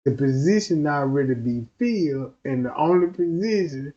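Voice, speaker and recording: A man's voice: fairly high pitch, lively intonation, normal speed, warm tone, muffled recording. A man doing rowdy, profane comedic commentary on a stream.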